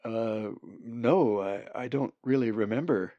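A man's voice: mid-range voice, slow, no echo, lo-fi sound, lightly acted. A man voicing a timid young male raven who stammers and hesitates.

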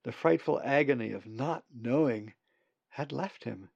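Slow gravelly male storybook narrator. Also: mid-range voice, darkish tone, no room sound. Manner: slow, measured reading. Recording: dull lo-fi recording, dry.

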